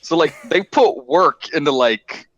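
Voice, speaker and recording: A young man, a guest on a voice chat, talking casually in a halting, rambling way. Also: on the high side, expressive, fairly bright tone, rough recording.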